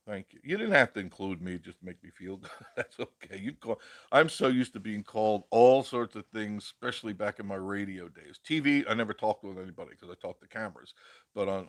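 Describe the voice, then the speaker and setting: A man with a lowish voice hosts a relaxed live stream, reading out viewer comments and answering them in a chatty, meandering way. He laughs easily as he talks. The sound is dry and close, with no room echo. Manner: chatty, rambling, laughs often. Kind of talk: casual live-stream chat.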